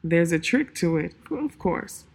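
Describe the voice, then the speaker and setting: A woman's voice: fairly low pitch, sing-song, slight background noise. Woman doing a drowsy riddling tomcat. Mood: sly, drowsy. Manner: slow, soft, sleepy drawl. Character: drowsy riddling male cat, aloof and proud.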